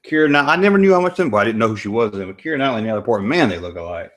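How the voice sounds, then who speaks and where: A man's voice: fairly low pitch, lively intonation, very fast, fairly bright tone. A man with a Southern American accent hosting a live stream, chatting and rambling as he reacts to a movie. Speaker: host. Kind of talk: casual live-stream commentary.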